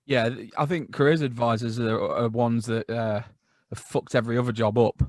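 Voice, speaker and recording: A man's voice: mid-range voice, steady tone, normal speed, dry recording. A British man co-hosting a comedy podcast over a video call, giving laid-back, dry replies. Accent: British English. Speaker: podcast co-host. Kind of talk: casual comedy banter.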